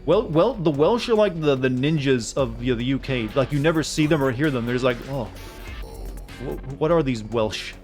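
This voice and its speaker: A man's voice: mid-range voice, big pitch swings, normal speed, a little mellow, faint music behind. A man doing casual gaming commentary as a streamer, rambling and joking as he thinks aloud.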